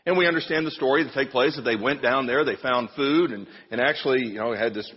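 Middle-aged guy preaching, husky voice, dull sound with long hall echo, loose storytelling. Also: mid-range voice, quick pace. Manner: storytelling, self-deprecating. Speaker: pastor. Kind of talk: sermon. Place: church.

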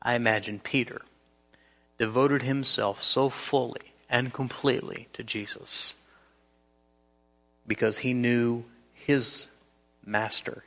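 Male pastor, gravelly and bright, earnest sermon delivery, long hall reverb. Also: mid-range voice. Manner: earnest, storytelling, emphatic with repeats.

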